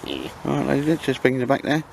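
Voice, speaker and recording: A man's voice: mid-range voice, steady tone, racing, vocal fry, slight background noise. A man hosting a vlog, chatting and joking casually outdoors in the woods, calling everyone mate. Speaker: vlog host. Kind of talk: casual banter. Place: outdoors in cold wet woods.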